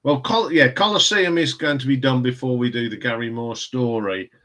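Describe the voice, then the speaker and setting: A man's voice: mid-range voice, normal speed, fairly bright tone. A man hosting a live stream, chatting casually about records and answering viewer comments in a rambling way. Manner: chatty, rambling, chuckles often.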